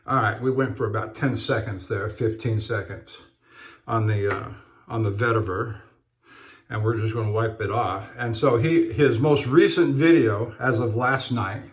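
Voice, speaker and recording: A man talking casually while he shaves, in a halting, rambling way with many fillers and restarts. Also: mid-range voice. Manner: rambling storyteller. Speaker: straight razor shaving vlogger. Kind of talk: casual talk while shaving.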